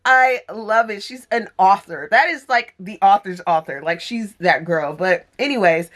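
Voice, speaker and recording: A woman's voice: lowish voice, a bit bright. A young woman chatting in a casual reading vlog, gushing and chatty with many fillers. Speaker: book vlogger.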